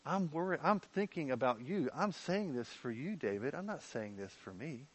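Michal, a man voicing a quietly disapproving queen. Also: on the high side, animated, moderate pace, slightly rough, rough recording. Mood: concerned. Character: disapproving biblical queen, worried about dignity.

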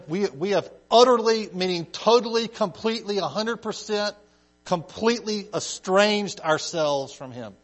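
A man teaching a casual Bible study, reading scripture aloud and explaining it conversationally, often checking in with his listeners. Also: on the high side. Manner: conversational, checks in with "okay?" and "right?", animated emphasis.

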